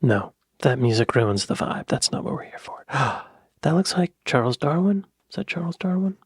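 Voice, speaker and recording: Guy doing a reaction vid, goofy jokes, slips into whispers a lot, kinda breathy, soft music behind. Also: on the high side, very animated, normal speed, no echo, clean studio sound. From United States. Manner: playful, joking, drops into soft whispered asides. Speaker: reaction video host. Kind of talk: casual reaction commentary.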